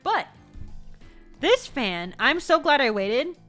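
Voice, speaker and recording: Her voice is high and slightly bright, moving slowly with big swings in pitch while faint music plays behind. This American woman VTuber rambles casually through her purchases, catching and fixing her own words and letting the occasional swear slip.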